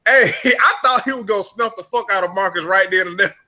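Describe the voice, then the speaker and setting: Bright-voiced man chatting in a lo-fi recording. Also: high voice, fast talker. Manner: rambling, profane, laughs a lot. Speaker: podcast co-host. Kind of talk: casual reality-TV recap chat.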